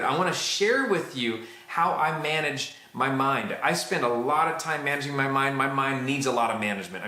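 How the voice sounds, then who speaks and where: A man's voice: mid-range voice, bright, forceful tone, reverberant. A man preaching a sermon in an earnest, repetitive way, acting out prayers as he speaks. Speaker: pastor.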